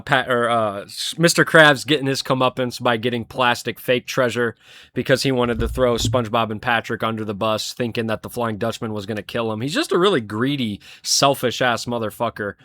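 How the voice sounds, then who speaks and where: A man's voice: mid-range voice, pushed and bright, dry recording. A young man casually ranking cartoon episodes, rambling and swearing freely with frequent chuckles. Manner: rambling, profane, chuckles often. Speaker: show reviewer. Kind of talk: casual commentary.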